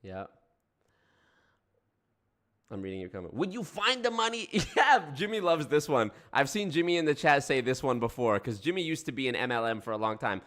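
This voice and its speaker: Casual male streamer: lively and bright-toned, laughing as he reads comments. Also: mid-range voice, moderate pace, long pauses. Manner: laughing, reading chat comments aloud. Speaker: streamer host. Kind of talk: casual live-stream chat.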